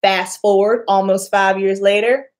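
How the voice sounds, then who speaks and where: At a measured pace and in a mid-range voice, a young woman shares a personal story on her casual beauty vlog. She's lively, impersonates the people she quotes, and breaks into laughter frequently.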